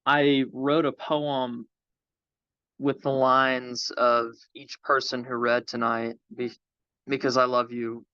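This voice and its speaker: A man, the featured author at a reading, speaking in a slow and even way on a video call. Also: mid-range voice, clean tone, no room sound. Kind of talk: soft-spoken remarks at a reading. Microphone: video call microphone. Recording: dull lo-fi video call audio.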